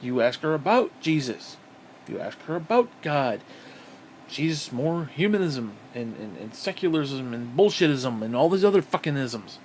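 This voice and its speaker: A man's voice: mid-range voice, animated, moderate pace, darkish tone, a little hiss or hum. A man from upstate New York delivering an angry, profane, sarcastic political rant on his vlog. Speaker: vlogger.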